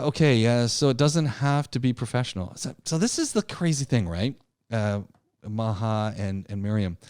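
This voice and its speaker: A man teaching an online public speaking class, talking in an animated, emphatic way, often repeating himself and restarting his sentences. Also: medium pitch, no echo, clean studio sound. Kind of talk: live online class lecture.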